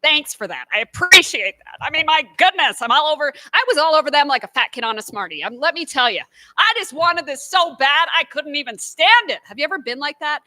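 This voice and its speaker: High, bright, brash woman comic. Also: lively intonation, fairly quick, no echo. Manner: brash, punchy joke delivery. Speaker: stand-up comedian. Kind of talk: stand-up routine.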